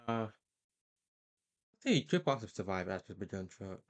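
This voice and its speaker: With a fairly low, sing-song voice and a slow pace, a man hosts a video ranking characters on a tier list. He rambles casually, hesitating frequently, filling gaps and fixing his own sentences as he goes.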